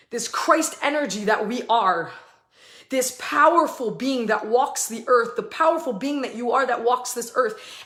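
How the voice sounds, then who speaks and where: A woman hosting a live spiritual channeling session, fast and emphatic, with swearing, and breaking into chanted invented syllables. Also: high-pitched, a bit bright. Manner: fast, emphatic and effusive, with profanity; chants stretches of made-up syllables. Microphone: live online video stream. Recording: echoey room.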